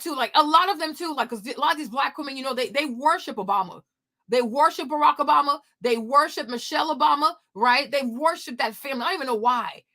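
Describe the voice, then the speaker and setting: A woman's voice: high voice, pushed and bright. A woman giving opinionated commentary from home, emphatic and repetitive, firing off rhetorical questions. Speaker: commentary vlogger.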